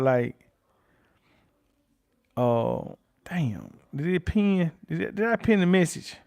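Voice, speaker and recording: Middle-aged memphis dude rambling on a livestream, reads the chat, cusses a lot, says stuff twice. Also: male voice, on the high side, big pitch swings, takes it slowly, vocal fry, pauses often, a little mellow. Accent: Memphis Southern. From Memphis, Tennessee. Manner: loose, rambling, repeats himself, curses freely. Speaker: livestream host. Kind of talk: casual livestream chat reading comments.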